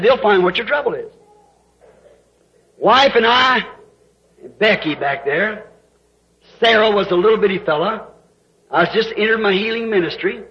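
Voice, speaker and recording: A man's voice: high-pitched, bright, forceful tone. An older man preaching a sermon, telling his story in a folksy way that rises into emotional outbursts. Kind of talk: sermon testimony. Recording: dull lo-fi sound.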